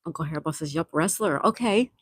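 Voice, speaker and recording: A woman's voice: sits low, animated, fairly quick, breathy edge, no echo, clean studio sound. A middle-aged woman hosting a casual livestream, reading viewer comments aloud in an affectionate, chatty way and laughing often. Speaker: livestream host reading chat. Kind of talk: casual live chat.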